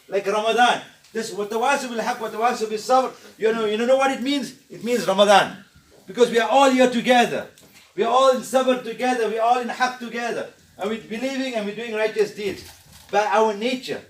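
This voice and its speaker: Middle-aged man, quick and high-pitched, teaching with fervent emphasis; echoey room, distant mic. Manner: emphatic, excitable, alternates Arabic recitation with explanation. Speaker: Quran study teacher. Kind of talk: explanatory religious lesson.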